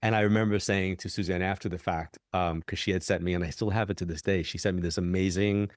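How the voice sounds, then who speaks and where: A man's voice: fast talker, dry recording, clean studio sound. A middle-aged man, a guest telling long stories in casual conversation and acting out the dialogue. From New York. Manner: animated, acts out quoted dialogue with big pitch jumps. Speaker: guest, psychic medium. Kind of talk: conversational storytelling.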